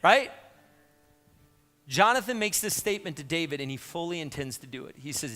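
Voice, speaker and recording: A man's voice: a little high, big pitch swings, normal speed, pauses often, bright, forceful tone, big-room sound, soft background music. A man preaching a sermon as pastor, in an emphatic, conversational way with asides to the congregation. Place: church sanctuary.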